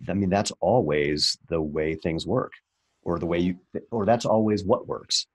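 A man in his fifties, a guest on a podcast interview, talking in a wry, animated way with fillers and restarts. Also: deep voice, a little slow, breathy edge. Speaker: entrepreneur guest.

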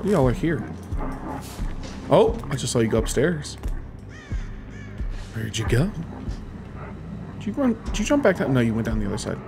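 A man's voice: mid-range voice, very animated, moderate pace, vocal fry, long pauses, over music. A man giving live gameplay commentary, taunting and trash-talking his opponents with plenty of swearing. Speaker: gaming streamer.

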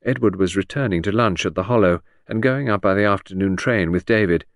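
A man's voice: fairly low pitch, a little fast, no room sound, clean studio sound. A man reading a classic detective novel aloud as an audiobook narrator, giving the characters' lines small shifts of voice. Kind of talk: scripted narration.

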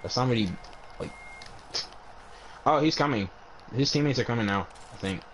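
A man's voice: medium pitch, crowd noise. A man playing a video game with friends, chatting casually, cursing and bickering with his teammates. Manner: bickering, cursing, quick to snap. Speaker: gamer friend. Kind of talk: casual gaming chat.

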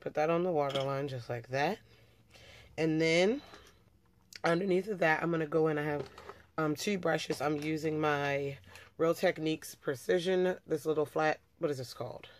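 A woman's voice: sits low, normal speed. A young woman chatting casually through a makeup tutorial, talking as she works and often correcting herself. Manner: chatty, talks while working, frequent self-corrections. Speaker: beauty vlogger.

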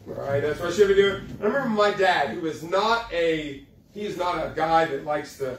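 A man preaching a youth sermon, folksy and joking, slowing down for dramatic emphasis. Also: fairly high pitch, recorded from a distance, slight background noise. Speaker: youth pastor. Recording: echoey room, speaker away from mic.

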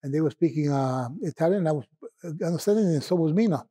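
Male poet guest, reflective and halting, husky and warm. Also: a little high, lively intonation. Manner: halting, stumbling over words and restarting; musing and reflective. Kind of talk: casual podcast conversation.

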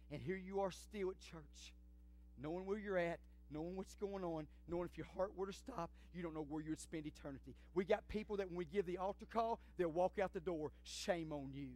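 A middle-aged pastor preaching a sermon in a church, swinging from shouts to near whispers in folksy talk. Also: male voice, high voice, fairly quick, no echo. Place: church sanctuary.

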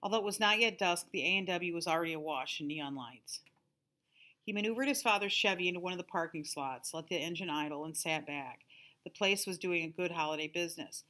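A teacher reading a novel aloud to her class in a calm, steady storytelling manner. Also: lowish voice, brisk.

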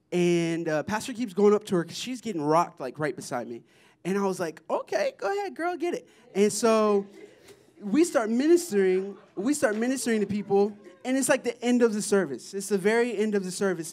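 Standing before a church congregation, a man whose voice is notably high recounts testimonies from a mission trip. He's animated and excited throughout, frequently laughing as he tells the stories.

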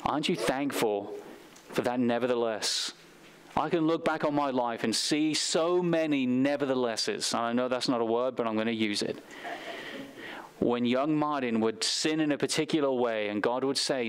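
A male pastor delivers a sermon in a smooth, resonant voice. He reads scripture passages aloud and weaves in stories from his own life. His pitch sits in an ordinary middle range for a man. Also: normal speed. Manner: preaching with scripture readings and personal anecdotes. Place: church sanctuary.

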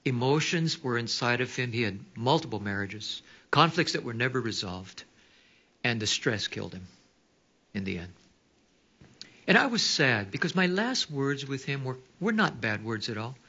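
Lively pastor, bright voice. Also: male voice, medium pitch, highs cut off. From Hawaii. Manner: animated storytelling, drops to hushed quoted asides. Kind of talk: sermon.

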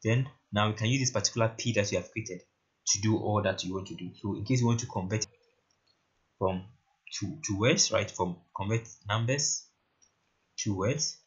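This is a lowish male voice at normal speed, casually explaining a coding tutorial he's screen-recording. His habit of asking "right?" and saying "very interesting" recurs often. Typing and clicking can be heard over a lo-fi, muffled recording.

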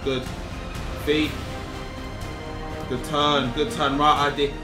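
A young man commentating his own football video game, animated and easily exasperated, full of slang. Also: on the high side, slow. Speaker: gaming YouTuber. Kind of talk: excitable gameplay commentary. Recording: roomy sound with game music. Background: video game music and sound.

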